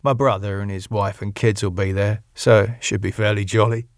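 A man reading an audiobook, voicing a relaxed, chatty Englishman in his own voice. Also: on the low side, normal speed, no echo, studio quality, close to an everyday voice. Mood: easy. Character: easygoing warm English man.

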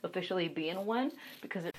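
A woman's voice: on the low side, fast, breathy edge. A young woman, an online content creator, chatting frankly and casually with lots of fillers as she tells stories. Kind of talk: casual storytelling chat.

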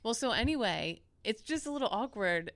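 A woman's voice: a little high, lively intonation, fairly quick, fairly bright tone. A woman in her thirties co-hosting a casual podcast, talking frankly with self-mocking humor. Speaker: podcast co-host.

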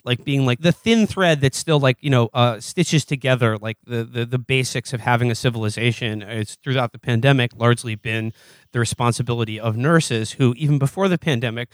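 A man hosting an interview, asking long halting questions full of "like" and restarts. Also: mid-range voice, no room sound. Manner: halting, many "like" fillers and restarts. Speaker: interviewer host. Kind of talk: conversational interview.

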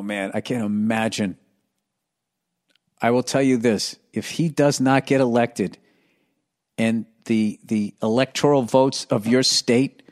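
A man, rambling through a solo podcast monologue, profane and sarcastic. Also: mid-range voice. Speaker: podcast host.

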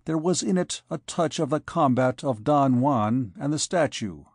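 A man narrating a classic novel as an audiobook in a measured, unhurried reading. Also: mid-range voice, animated, breathy edge, dry recording, clean studio sound. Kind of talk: scripted narration.

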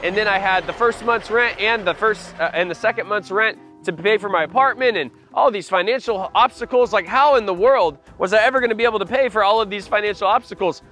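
A man preaching a personal testimony, telling the story with animated energy and frequent restarts. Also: sits high, a little fast, hardly any pauses, soft background music. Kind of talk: testimony sermon.

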